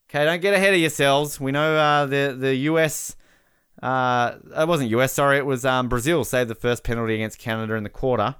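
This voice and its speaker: A man co-hosting a podcast, chatting casually over a live match and breaking into excited shouts at big moments. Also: mid-range voice, fairly quick, smooth, dry recording, clean studio sound. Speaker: podcast co-host. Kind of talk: casual live-watch commentary.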